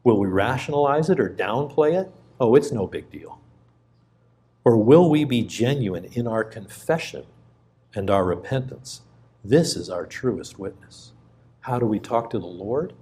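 A middle-aged man preaching, a pastor telling a personal story in a conversational, halting way with frequent restarts. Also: medium pitch, lively intonation, mellow.

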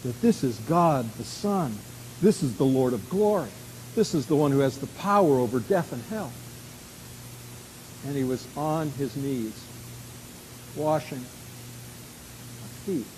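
A man preaching an expository sermon in an emphatic way, with dramatic swings between soft and loud. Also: mid-range voice, expressive, unhurried, long pauses, a little hiss or hum, rough recording.

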